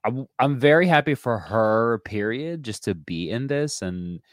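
A man's voice: mid-range voice, expressive, unhurried, no echo, clean studio sound. A man co-hosting a podcast, chatting casually about an episode, laughing often and restarting his sentences. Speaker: podcast co-host. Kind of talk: casual recap chat.

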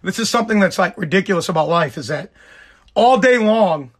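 Hoarse, high-voiced man ranting. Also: lively intonation, fairly quick, a bit bright. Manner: heated, profane, repetitive ranting. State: hoarse, voice nearly gone. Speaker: podcast host. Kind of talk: ranting podcast monologue.

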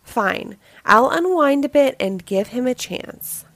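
A woman's voice: high-pitched, animated, takes it slowly, a bit bright, a little hiss or hum, exaggerated voice. Woman reading as a grumpy, grumbling storybook monster. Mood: grudging. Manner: grumbling, gruff complaints. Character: grumpy male neighborhood monster. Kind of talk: storybook read-aloud.

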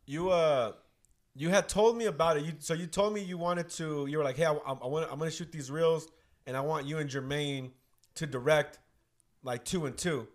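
A man's voice: a little high, moderate pace. A man, a podcast guest who directs films, telling a story in casual chat, acting out quoted dialogue and swearing.

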